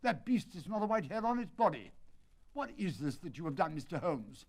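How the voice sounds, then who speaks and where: A man's voice: fairly high pitch, very animated, a little fast. A man reading a storybook aloud and voicing an indignant, agitated colonel who owns racehorses. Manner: agitated, raised indignant outbursts. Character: excitable indignant male horse-owning colonel. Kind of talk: dramatic audiobook reading.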